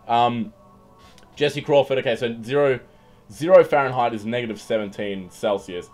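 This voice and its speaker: A young man hosts a relaxed livestream, reading chat messages and riffing on them. He is irreverent and jokey, swears freely and stumbles over repeated words. His voice sits in a medium pitch, with faint music playing underneath. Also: moderate pace. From Australia.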